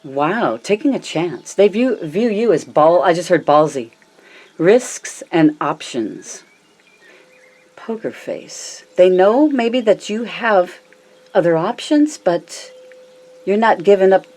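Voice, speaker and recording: A woman giving a casual tarot reading to viewers, chatty and affectionate, calling them her loves and honey, and often slowing down for emphasis. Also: animated, a little mellow. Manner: varies her pitch and pace a lot, slows down for emphasis. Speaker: tarot reader.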